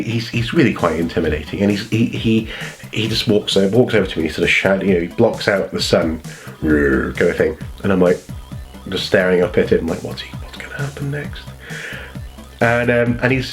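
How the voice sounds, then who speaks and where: A man with a cold telling meandering, casual stories from his childhood, often breaking off to correct himself. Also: deep voice. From North Wales. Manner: meandering, self-correcting, chatty. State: has a cold. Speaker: vlogger. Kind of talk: casual storytelling.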